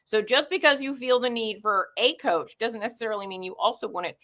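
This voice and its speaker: A woman's voice: a little high, brisk, a bit bright. A woman in her forties hosting a casual livestream, chatting and reading viewer comments aloud. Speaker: livestream host.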